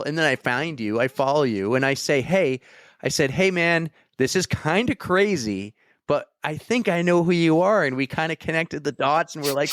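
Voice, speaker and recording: A man's voice: a little high, animated, normal speed, fairly bright tone, no echo, clean studio sound. A man hosting a running podcast, chatting casually and telling stories with animation. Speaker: podcast host. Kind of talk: casual interview chat.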